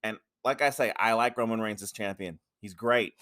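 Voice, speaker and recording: A man co-hosting a casual podcast, ranting loudly with lots of swearing and restarts. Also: fairly low pitch, normal speed. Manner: ranting, profane, repeats himself. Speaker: podcast co-host. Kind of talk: casual wrestling chat.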